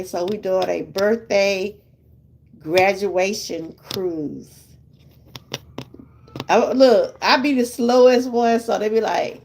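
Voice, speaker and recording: An older woman with a Southern US accent talks straight to her viewers in a relaxed, chatty way. Her voice sits at a middle pitch, and she laughs often between her stories. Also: vocal fry, slight background noise. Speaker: vlogger chatting with live viewers. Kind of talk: casual live-stream chat.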